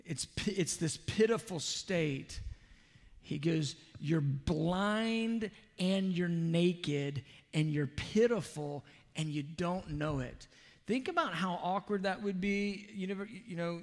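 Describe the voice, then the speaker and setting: A man's voice: a little high, long reverb tail. A man preaching a sermon in an earnest, conversational way, with casual asides and quoted lines. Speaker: pastor.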